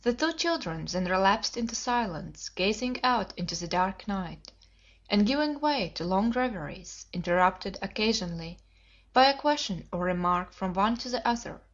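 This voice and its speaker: A woman narrating an audiobook in a steady, measured reading. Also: medium pitch. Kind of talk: scripted narration. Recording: dull lo-fi audiobook recording.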